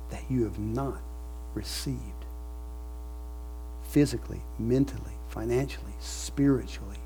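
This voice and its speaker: A man preaching a sermon, moving from quiet reflection to loud, emphatic passages. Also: medium pitch, creaky. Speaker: pastor.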